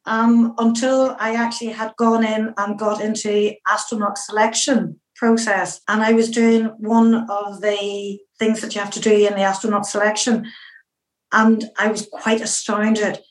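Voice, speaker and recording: A middle-aged Northern Irish woman tells stories in an interview in a lively, chatty way, with lots of "kind of" and "you know" fillers. Her voice sits in a medium pitch for a woman. It echoes around a roomy space. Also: a little slow. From Northern Ireland. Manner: lively storyteller who acts out her own past remarks, with many fillers. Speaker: interview guest. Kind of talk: anecdotal interview storytelling.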